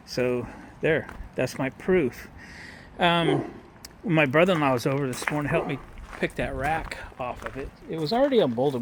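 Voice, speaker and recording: Recorded outdoors at a restaurant lot and by a barn, a middle-aged man chats folksily with viewers about his small electric utility car, rambling and calling them boys and girls. His pitch is fairly high, and outdoor noise sits behind his voice.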